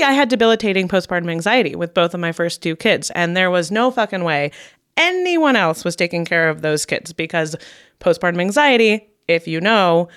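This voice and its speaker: A woman's voice: fairly low pitch, fairly bright tone. A woman in her thirties co-hosting a parenting podcast, chatting candidly, swearing freely and laughing often. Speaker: podcast co-host. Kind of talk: casual chat.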